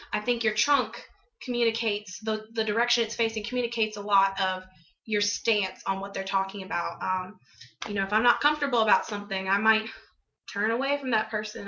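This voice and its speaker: Bright-voiced young woman, halting and full of ums. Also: medium pitch, highs cut off, a little hiss or hum. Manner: halting, many ums, demonstrates expressions. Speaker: student. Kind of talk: casual class presentation.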